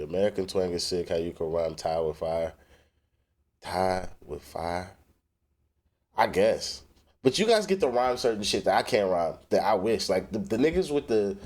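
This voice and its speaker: A man's voice: low voice, a little mellow. A man, a rapper hosting a late-night livestream, chatting loosely and answering his viewers' messages with casual swearing. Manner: loose, profane, reads and answers chat aloud.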